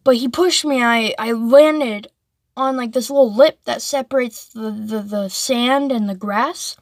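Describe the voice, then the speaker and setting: Rambling high-voiced female storyteller. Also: no echo, clean studio sound. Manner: rambling, full of "like" and restarts. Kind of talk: casual storytelling.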